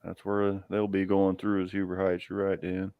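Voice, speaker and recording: Laid-back man, low and smooth. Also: monotone, normal speed, no echo, phone-quality sound. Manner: easygoing, chuckles often, trails off mid-sentence. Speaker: garage owner hosting a live stream. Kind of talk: casual chat.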